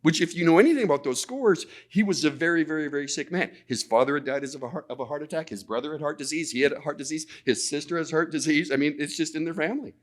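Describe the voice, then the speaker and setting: A man speaking at a conference, telling a personal story in an animated way, often repeating words and acting out the dialogue. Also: fairly high pitch, quick pace, hardly any pauses. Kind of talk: storytelling presentation. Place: conference talk.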